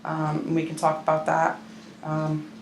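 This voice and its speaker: A woman's voice: low-pitched, completely flat delivery, unhurried, slight background noise. A woman speaking as a patient advocate at a seminar, chatty and frank with joking asides. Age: adult with a grown-up mother. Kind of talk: casual seminar talk. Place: seminar room at a wellness center. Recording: echoey room with faint ambience.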